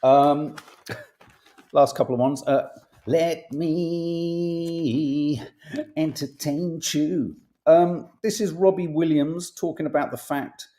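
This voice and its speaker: A man's voice: medium pitch, mellow. A man hosting a casual podcast, reading tabloid stories aloud with playful emphasis and jokey asides, swearing now and then.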